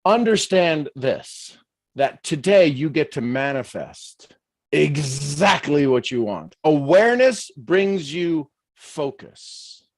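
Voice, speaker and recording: Male motivational host, animated and emphatic, chuckles often, voice a touch high, dry close sound. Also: dry recording. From United States. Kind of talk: motivational livestream talk.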